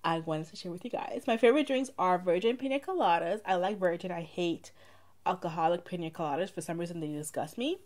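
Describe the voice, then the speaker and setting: Young woman vlogger, mixed Saint Lucian and Bronx accent, slightly low voice, rambling and casual. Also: fast talker, darkish tone. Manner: chatty, rambling, many "like" fillers. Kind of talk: casual get-to-know-me vlog.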